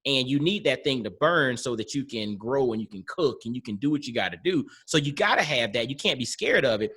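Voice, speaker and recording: A man's voice: mid-range voice, animated, a little fast, bright, forceful tone, husky. A man in his thirties hosting a podcast, speaking earnestly and reflectively, building his points through analogies. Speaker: podcast host. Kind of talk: casual podcast interview.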